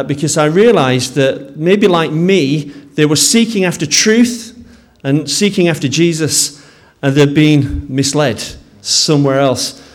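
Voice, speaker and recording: A man with a Yorkshire accent, a pastor speaking to a congregation in a sermon, friendly and self-deprecating with some hesitations. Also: a little high.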